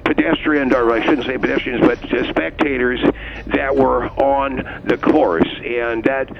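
A man playing an excitable, touchy police officer guest who stammers and flies into outbursts, in a comedy radio bit. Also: medium pitch, measured pace, dull audio, noisy background. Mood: flustered. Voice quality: stammering, gravelly. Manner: flustered, easily riled, outbursts. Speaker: comedic caller playing a cop.

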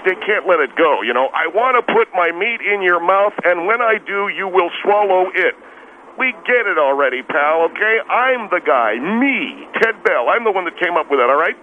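A man's voice: high-pitched, pitched above the performer's own voice. A man voicing a blustery, touchy steakhouse owner who calls in, boastful and easily flustered. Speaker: caller. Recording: tinny phone line with faint hiss.

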